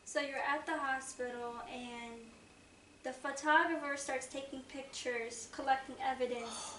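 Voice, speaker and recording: A woman hosting an interview, asking gentle, guiding questions and recapping her guest's story. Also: sits high, fairly even intonation, unhurried. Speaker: host. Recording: echoey room, mic far off, faint noise.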